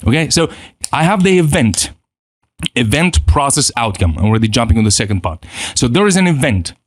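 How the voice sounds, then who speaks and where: An animated man coaching a self-help lesson, his pitch swinging widely as he acts out little inner voices. He repeats and restarts as he teaches. The sound is dry and close, with no room echo. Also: a little fast, husky. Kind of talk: motivational teaching.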